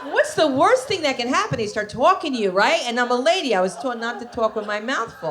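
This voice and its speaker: On a club stage, a middle-aged New Jersey woman performs brash, profane stand-up, confiding in the crowd. Her fairly high voice swings widely in pitch and she talks fast with hardly any pauses, captured in a live recording with a noisy room.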